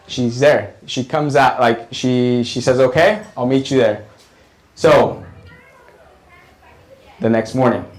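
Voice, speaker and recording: A man telling a comic story in an animated, profane way, often repeating lines for effect. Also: medium pitch, poor audio. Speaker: comedian. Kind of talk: stand-up storytelling.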